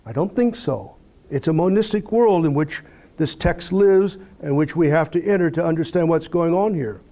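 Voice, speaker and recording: A man's voice: a little high, normal speed. A man teaching a Bible study in a conversational lecture style, reading scripture aloud and asking rhetorical questions. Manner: animated, reads scripture aloud.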